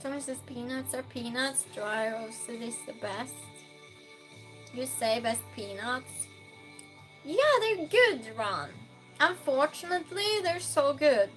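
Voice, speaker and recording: A woman's voice: sits high, animated, slow, soft background music. A woman hosting a live-stream game night, chatting casually, reading chat aloud and playfully scolding and thanking donors.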